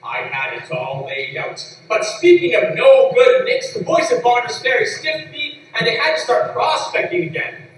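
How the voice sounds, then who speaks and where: A man's voice: very high voice, very animated, moderate pace, fairly bright tone, heavily acted. A man playing a scheming frontier businessman. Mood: formal. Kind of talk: stage play acting. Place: theatre stage. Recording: echoey hall from far off.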